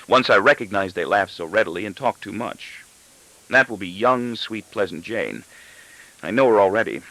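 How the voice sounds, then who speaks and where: Expressive male audiobook narrator. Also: lowish voice, no room sound, poor audio. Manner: expressive, first-person storytelling. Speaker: audiobook reader.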